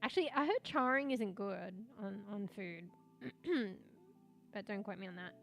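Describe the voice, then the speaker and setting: Gravelly-voiced woman streamer chatting. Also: mid-range voice, animated, unhurried, a bit bright, faint music behind. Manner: rambling, swears a lot, laughs often. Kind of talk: casual chat with stream viewers.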